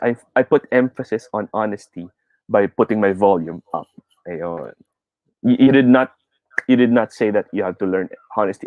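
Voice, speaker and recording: A young adult man with a Filipino accent teaching a live online speech lesson, mixing English and Tagalog and demonstrating loud and soft delivery. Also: on the low side, normal speed, dry recording, low-quality recording.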